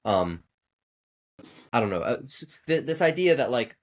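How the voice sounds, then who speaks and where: A man's voice: medium pitch, very animated, measured pace. A man who is a podcast guest and musician, chatting casually and reflectively, searching for the right words. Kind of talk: casual chat.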